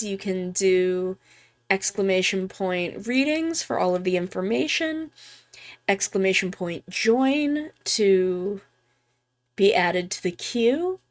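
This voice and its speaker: A woman streamer chatting casually while giving tarot readings, joking about herself and swearing freely, speaking softly and close to the mic. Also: medium pitch. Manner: soft, quiet near-ASMR voice close to the mic. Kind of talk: casual live-stream chat. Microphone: close microphone.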